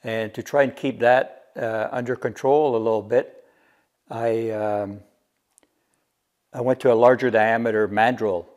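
A man's voice: medium pitch, fairly even intonation, measured pace, a little mellow, lo-fi sound. Male DIY maker, mid-range voice, casual show-and-tell, methodical technical explainer.

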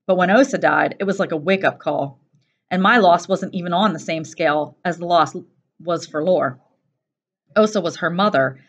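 A woman teacher reading a first-person novel aloud in a steady, plain storytelling voice. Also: fairly low pitch, moderate pace. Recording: dull lo-fi recording.

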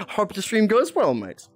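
With a slow pace and a pitch that swoops wildly, a mid-range-voiced streamer keeps up casual chatter during a VR game, music faint behind. Speaking into a headset mic, they giggle a great deal and swear often.

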